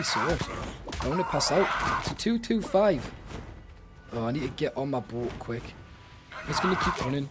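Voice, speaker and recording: A young man giving live commentary while he plays a video game, excitable and talking to himself. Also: a little high. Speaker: streamer. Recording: game music in the background. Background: game music.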